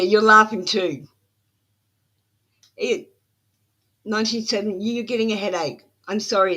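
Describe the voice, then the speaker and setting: A woman running a live tarot stream who sounds flat and matter-of-fact. She is blunt with her viewers and scolds them when they ignore her instructions. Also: fairly low pitch.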